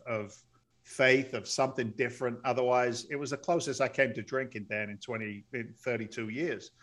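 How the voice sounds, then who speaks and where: A middle-aged man, a podcast guest, telling his life story earnestly, close to tears, breaking into loud excited bursts. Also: medium pitch. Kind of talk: emotional storytelling interview.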